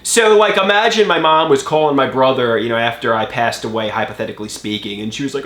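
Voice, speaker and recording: A man telling a funny story to his viewers in an animated, exaggerated way. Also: mid-range voice, brisk. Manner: animated, exaggerated, switching into mocking voices. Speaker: vlogger. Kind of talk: casual storytelling monologue. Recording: roomy echo.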